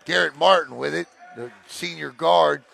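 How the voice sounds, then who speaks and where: A man calling a high school basketball game play by play, excitable on big plays and joking between them. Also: normal speed, gravelly. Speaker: play-by-play announcer. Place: gym broadcast position.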